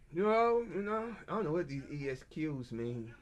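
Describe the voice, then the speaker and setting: Brief: high-pitched man, agitated stammering monologue rant. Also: big pitch swings, moderate pace. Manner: agitated, stammering, repeats himself. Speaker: self-published author.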